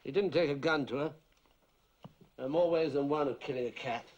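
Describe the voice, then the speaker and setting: A man's voice: fairly high pitch, a little fast, highs cut off, natural voice. A man playing a bitter grieving widower. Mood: resentful. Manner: grim, blunt, resentful.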